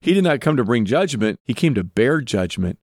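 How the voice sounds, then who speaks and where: A man of middle pitch gives earnest devotional Bible teaching as a podcast host. He often turns to the listener with direct questions. The sound is close and dry, with no room around it. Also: sing-song, moderate pace, darkish tone, no room sound.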